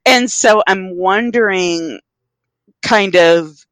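A podcast co-host gossiping about celebrity news in casual chat, animated and quick to laugh. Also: mid-range voice, no echo. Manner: animated gossiping with frequent laughs and playful voices. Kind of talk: casual pop-culture chat.

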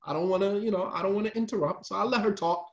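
A man's voice: high-pitched, racing, lo-fi sound. A man telling a religious story in a casual, slangy lecture style, repeating lines for emphasis.

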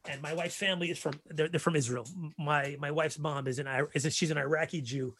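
A man in his forties telling stories in a casual chat, animated and profane. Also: a little high, fast talker, slight background noise. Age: 40s.

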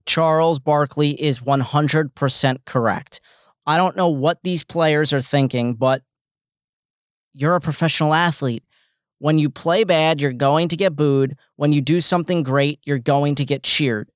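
A man hosting a sports talk show, slightly high-pitched, with a smooth, clear voice. He argues bluntly and emphatically, repeating his points. The sound is dry and close. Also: measured pace, no echo. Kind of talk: opinionated sports commentary.

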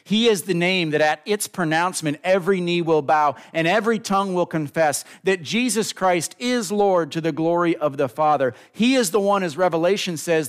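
A man preaching a sermon, building to emphatic lines and drawing out key words slowly, speaking directly to the congregation. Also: fairly high pitch, clear, resonant tone. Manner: preaching with rising emphasis and slow drawn-out stresses; addresses the congregation directly as folks. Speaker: pastor.

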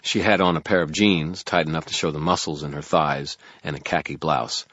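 Brief: very deep, husky man, wry first-person audiobook narration, muffled lo-fi recording. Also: steady tone, fairly quick, a bit bright, dry recording.

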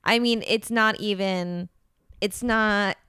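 A woman's voice: mid-range voice, steady tone, takes it slowly, a bit bright, smooth, dry recording, clean studio sound. A young woman co-hosting a casual podcast, chatty and analytical. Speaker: podcast co-host. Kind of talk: casual chat about a reality show.

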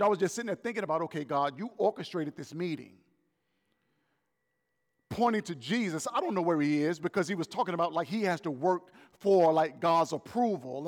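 A man preaching a sermon as pastor, swinging between loud raised lines and soft, slow emphatic words. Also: high voice, big-room sound. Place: church hall.

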